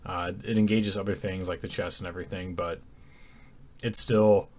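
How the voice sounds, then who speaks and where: A man's voice: low-pitched, steady tone, moderate pace, darkish tone. A young man talking casually over his workout footage, sleepy and yawning, with lots of ums and restarts. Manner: rambling, many ums and restarts. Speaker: fitness vlogger.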